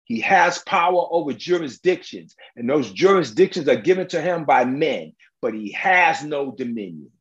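Animated, high-pitched male preacher. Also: moderate pace, hardly any pauses, highs cut off. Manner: emphatic, colloquial, rhetorical questions to the congregation. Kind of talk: sermon.

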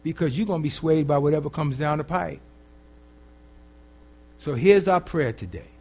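A man preaching as a pastor, swinging from loud emphatic lines to quiet, casual, humorous asides. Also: fairly high pitch, normal speed. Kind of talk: sermon.

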